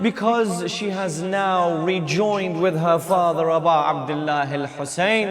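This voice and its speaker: A man's voice: fairly high pitch, steady tone, measured pace, a crowd in the background. A man giving an emotional religious sermon, retelling a mourning story with quoted dialogue and rising into chanted lament. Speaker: religious speaker. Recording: long hall reverb.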